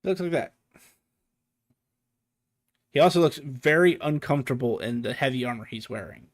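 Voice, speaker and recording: A man in the game-master seat, narrating a fantasy scene at a mid pitch for a man. He thinks aloud as he goes, with plenty of ums and restarts and an amused edge. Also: expressive, normal speed.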